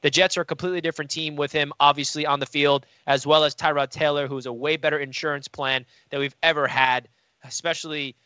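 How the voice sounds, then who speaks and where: A man's voice: mid-range voice, sharp tone, no echo, highs cut off. A man co-hosting a casual sports debate, boastful and teasing as he argues for his team. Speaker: sports podcast co-host, Jets fan.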